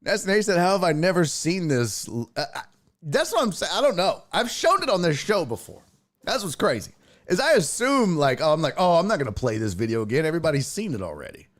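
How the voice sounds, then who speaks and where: Fairly high-pitched and brisk, this man runs a sports podcast in a loose, chatty style. He's excitable and swears, frequently breaking into laughter and imitating other people's voices.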